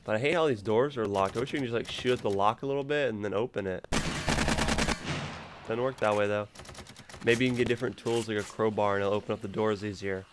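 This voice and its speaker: A man's voice: on the low side, fast, slight background noise. A man giving casual, rambling gameplay commentary as a gaming YouTuber. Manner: rambling, loose, laughs easily.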